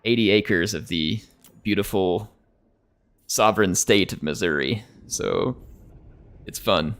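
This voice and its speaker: Taking his time, a man with a lowish, slightly bright voice chats casually on a live stream of a strategy game. He's American, with a General American accent carrying a slight drawl, and his talk is rambling and full of chuckles.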